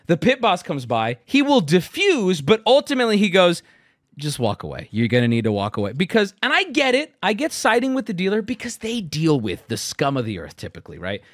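A man's voice: sits high, brisk, dry recording, clean studio sound. A man in his thirties casually telling a swear-filled story, acting out what people said. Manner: animated, swears often, acts out quotes.

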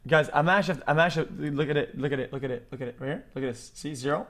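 A man streaming live, reacting to a video with quick, repeated outbursts and swearing. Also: a little high, a bit bright. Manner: blurts, swears and repeats himself in rapid bursts.

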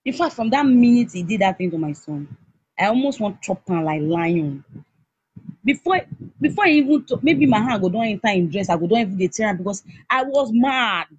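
Husky Nigerian woman telling a heated story. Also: mid-range voice, lively intonation, brisk, a little mellow, dry recording. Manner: heated, emotional retelling with many restarts. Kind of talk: personal storytelling. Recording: dull lo-fi recording.

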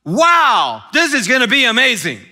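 A man voicing the devil as a smooth, coaxing tempter who makes an upbeat sales pitch. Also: huge pitch swings, moderate pace, sharp tone, soft background music, exaggerated voice.

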